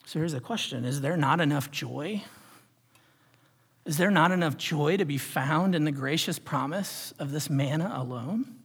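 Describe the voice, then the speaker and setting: A man's voice: a little high, fairly bright tone, slightly rough. A man preaching a sermon as pastor, asking his congregation question after question with earnest, shifting emphasis. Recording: long hall reverb.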